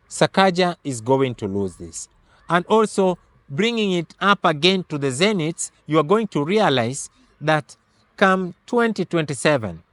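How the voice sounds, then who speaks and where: A man giving a political analysis monologue, laying out figures step by step in a deliberate, emphatic way. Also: a little high, a bit bright, no echo. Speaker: political commentator.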